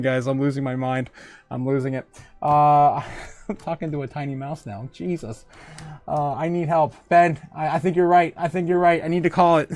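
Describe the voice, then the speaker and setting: A man's voice: on the high side, a little mellow, dry recording. Giggly man hosting a livestream. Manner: rambling and jokey, laughs often. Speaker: livestream host. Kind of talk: casual livestream chat reading out viewer comments.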